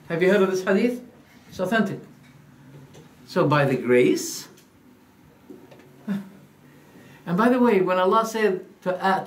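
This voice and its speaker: A man giving a religious lecture, animated, firing rhetorical questions and acting out quoted dialogues. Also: high-pitched. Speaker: Islamic preacher.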